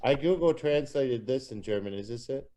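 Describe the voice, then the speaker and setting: A man co-hosting a podcast in relaxed, encouraging chat. His mid-pitched voice moves in a lively, animated way. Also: normal speed, heavy background noise. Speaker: podcast co-host. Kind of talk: casual chat.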